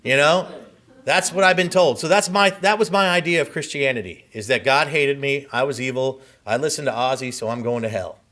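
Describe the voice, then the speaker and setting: Guy telling his own story at a conference, earnest and vivid, pretty bright tense tone. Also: medium pitch, fairly quick. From Southern California. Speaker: conference speaker. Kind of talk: personal testimony speech. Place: conference hall.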